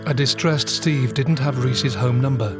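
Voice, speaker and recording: A man giving measured, serious scripted documentary narration. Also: mid-range voice. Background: music.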